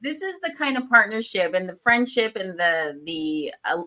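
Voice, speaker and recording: A woman's voice: mid-range voice, animated, normal speed, sharp tone, poor audio. A woman hosting a livestream interview, enthusiastic and gushing about her guest. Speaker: livestream host.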